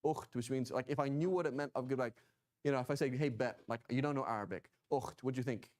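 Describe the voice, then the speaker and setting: A man's voice: mid-range voice, fast talker, darkish tone. Chatty male teacher checking in often. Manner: chatty, checks in with "right?" and "okay?"; joking asides. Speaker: Quranic Arabic teacher. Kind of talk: informal class lecture.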